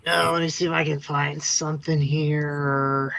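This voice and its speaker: A man's voice: a little high, little pitch movement, measured pace, creaky, a bit bright, rough recording. A man guesting on a casual livestream, chatting in an offhand, rambling way.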